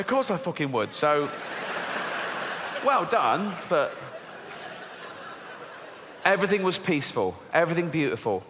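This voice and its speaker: A man's voice: fairly high pitch, very animated, normal speed, long pauses, noisy background. A middle-aged man doing a sardonic, swearing stand-up routine full of incredulous outbursts. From England. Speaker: stand-up comedian. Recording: live show in a big echoey hall with crowd.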